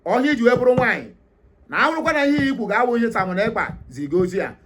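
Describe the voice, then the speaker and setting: Emphatic Nigerian man, high voice. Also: big pitch swings, fast, background noise. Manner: emphatic, repetitive, frequent hesitations. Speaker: commentary host. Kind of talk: opinionated monologue commentary.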